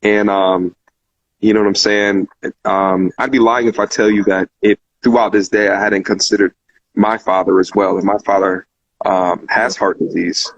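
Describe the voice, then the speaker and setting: A man's voice: on the low side, flat delivery, normal speed, dry recording, muffled recording. A man hosting a live call-in talk show, speaking casually and heartfelt, repeating phrases with many fillers. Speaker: show host.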